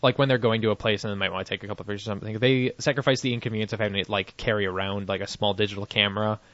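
A man with a fairly low, steady, slightly bright voice races along in a casual podcast chat, laughing frequently and rambling with restarts and fillers. Dry, dull lo-fi sound.

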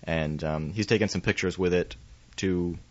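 A man co-hosting a casual tech podcast, relaxed with wry asides. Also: deep voice, normal speed, no echo, lo-fi sound. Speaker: podcast co-host.

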